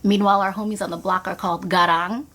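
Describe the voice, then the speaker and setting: A woman's voice: medium pitch, fairly even intonation, fast talker, fairly bright tone. A woman from South Sudan, talking emphatically and expressively to camera. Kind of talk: casual monologue to camera.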